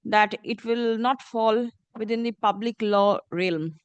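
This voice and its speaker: Judge cutting in with short measured remarks, smooth clear voice, dry sound. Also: medium pitch, dry recording, muffled recording. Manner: brief, measured interjections. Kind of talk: courtroom proceedings. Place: courtroom.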